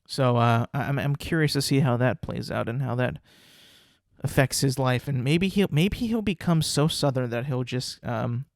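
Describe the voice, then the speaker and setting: A man's voice: mid-range voice, normal speed, no room sound, studio quality. A young man hosting a casual solo podcast, talking in a rambling, profane, incredulous way. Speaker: podcast host.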